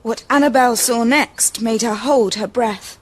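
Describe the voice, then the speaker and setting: A woman reading a children's storybook aloud in a gentle, expressive way. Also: on the high side, measured pace, breathy edge. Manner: gentle, expressive, varied pacing.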